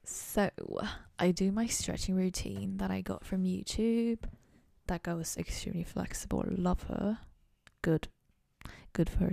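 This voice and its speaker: A young woman chatting casually and rambling on her own show, self-mocking and drifting into soft whispery asides. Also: fairly low pitch, little pitch movement, takes it slowly, gravelly, no room sound, studio quality. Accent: playful put-on accent. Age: young adult. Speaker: university student podcaster. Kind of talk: casual solo chat.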